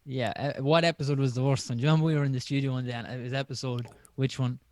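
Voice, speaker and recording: A man's voice: medium pitch, steady tone, very fast, darkish tone, no room sound. A man co-hosting a casual live chat, easygoing and agreeable, often giving short replies. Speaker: podcast co-host.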